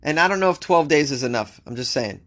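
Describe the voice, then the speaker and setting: A man's voice: on the high side, lively intonation, fast talker, a bit bright. A man hosting a news show, reading stories aloud and cracking wry jokes about them in a casual commentary style. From United States. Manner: wry, joking, talks back to the news he reads.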